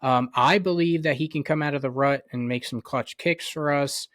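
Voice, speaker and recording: A man co-hosting a sports podcast in casual chat, measured and full of "um" and "you know". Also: a little high, a bit bright, no room sound, studio quality. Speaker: podcast co-host.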